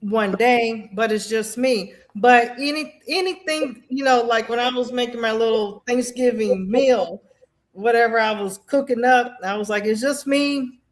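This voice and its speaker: A woman, a veteran guest, earnestly sharing personal stories in an animated way, often restarting her sentences. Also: a little high, measured pace. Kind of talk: casual personal storytelling.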